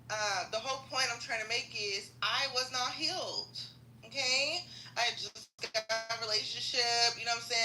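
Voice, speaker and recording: A woman telling a profane, slangy comedic story in an animated rant, as a podcast host. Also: a little high, a little hiss or hum. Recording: roomy echo.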